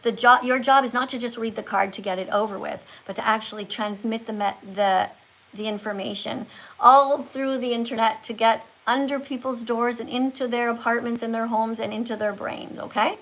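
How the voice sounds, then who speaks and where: A woman's voice: fairly high pitch, steady tone, moderate pace, fairly bright tone, low-quality recording. A woman hosting a livestream with callers, lecturing in a preachy, scolding teacher tone. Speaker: livestream host.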